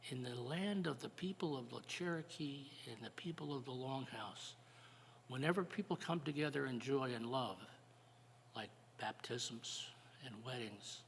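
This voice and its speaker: An older man hosting a live church jazz service, announcing events and telling a folk story in a folksy, halting way. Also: medium pitch, creaky, fairly bright tone, a little hiss or hum. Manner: folksy, halting, with fillers and repeats. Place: church sanctuary. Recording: live church broadcast with long reverb.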